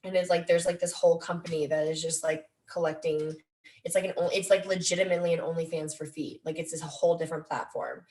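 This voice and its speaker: A woman's voice: low voice, fairly even intonation, quick pace, darkish tone, recorded from a distance. A woman guest chatting casually on a podcast, rambling with lots of fillers. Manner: rambling, filler-heavy, laughs often. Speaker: guest athlete. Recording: roomy, away from the mic.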